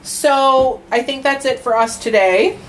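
A woman's voice: high-pitched, a little slow, fairly bright tone, a little hiss or hum, low-quality recording. A woman co-hosting a casual true-crime podcast, talking in a rambling, profane way with lots of fillers. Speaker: podcast co-host.

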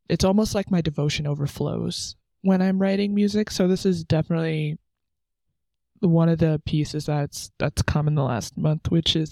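A young woman talks through her faith in a chatty, earnest way, full of filler words. Her voice is warm and relaxed, with a gravelly fry at the ends of phrases. She sounds close and dry, sitting on the floor at home. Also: deep voice, no room sound. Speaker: podcast host. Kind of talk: casual devotional talk.

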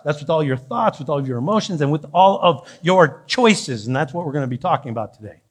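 A man's voice: fairly high pitch, expressive, quick pace, few pauses, breathy edge. A middle-aged man preaching a sermon as pastor in a church, chatty, with joking asides and frequent restarts. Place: church sanctuary.

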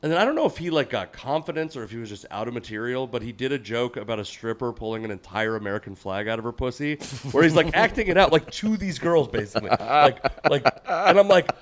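A man's voice: medium pitch, lively intonation, fast talker, hardly any pauses. Casual man swapping comedy gig stories. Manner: loose, swearing banter. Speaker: comedian, podcast host. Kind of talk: casual chat.

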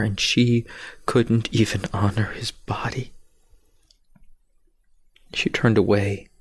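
Husky, hushed male preacher telling a story. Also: lowish voice, no room sound. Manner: hushed, often whispering for drama. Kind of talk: sermon storytelling.

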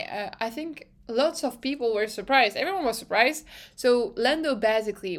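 Excitable young woman chatting on a podcast. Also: on the high side. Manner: excitable and chatty, swears freely; self-interrupting, restarts phrases. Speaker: podcast host. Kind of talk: casual podcast recap chat.

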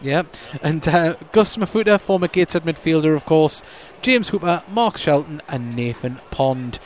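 A man's voice: a little high, expressive, moderate pace, slight background noise. A man hosting a club podcast, giving chatty pre-match commentary from a stadium stand and stumbling a little over names.

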